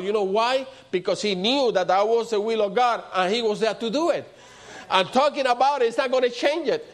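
A man preaching a sermon as pastor, asking the congregation rhetorical questions and answering them, swinging between loud emphatic lines and low quiet ones. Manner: rhetorical questions with call-and-response.

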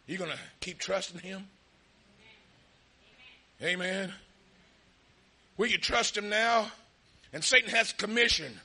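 Male preacher, gravelly and very bright, fervent shouting sermon delivery. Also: sits high. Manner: impassioned, often shouting; calls out hallelujah and amen.

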